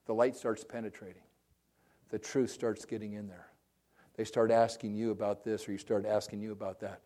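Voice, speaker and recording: A man's voice: fairly low pitch, flat delivery, normal speed, warm tone. A middle-aged male pastor preaching a sermon, telling stories with passion, often restarting and repeating words. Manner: impassioned storytelling with frequent restarts and repeated words.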